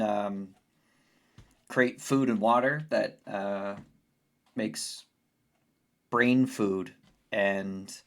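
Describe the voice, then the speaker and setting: A tabletop player who rambles through explanations, restarts sentences and breaks into laughter. The talk is casual, with a wandering, middle-of-the-road pitch. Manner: rambling, self-interrupting, laughs often.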